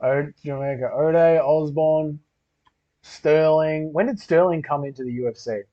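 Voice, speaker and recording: A man's voice: on the high side, moderate pace, warm tone. Swearing man, lo-fi stream. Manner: loose, rambling, swears a lot. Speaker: livestream host. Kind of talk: casual livestream chat reading comments. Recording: dull lo-fi stream audio.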